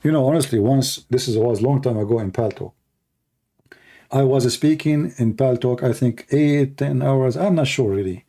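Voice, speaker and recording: A man's voice: mid-range voice, normal speed, warm tone. A man hosting a long livestream who rants in a mocking, sarcastic way and acts out his opponents. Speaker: livestream debate host. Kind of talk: casual livestream rant.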